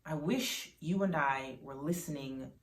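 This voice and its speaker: A hurt teenage girl whose words come out dry and cutting, as a woman narrator puts her on. The voice sits low. It sounds roomy and distant from the mic. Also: unhurried. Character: sarcastic, hurt teenage daughter.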